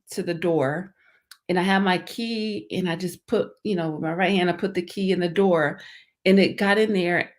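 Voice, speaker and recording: A woman, a life coach, telling her personal survival story in an earnest, rambling way, with many fillers and restarts. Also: lowish voice. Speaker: life and motivational coach, guest.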